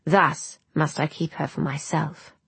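A woman's voice: deep voice, fairly even intonation, unhurried, gravelly, fairly bright tone, slightly rough, no room sound, heavily acted. A woman voicing a proud, possessive young queen in a storybook reading, lilting and earnest and turning to pleading.

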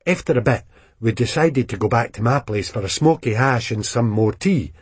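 A man with a Scottish accent reading a first-person story aloud in dialect, lively and expressive. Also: medium pitch, moderate pace, slightly rough, no echo. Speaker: reader.

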